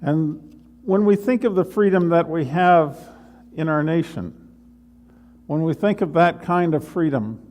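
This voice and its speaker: A male pastor delivering an earnest, unhurried sermon in a church. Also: a little high, a little mellow. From United States. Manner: slow, earnest preaching with pauses. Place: church sanctuary.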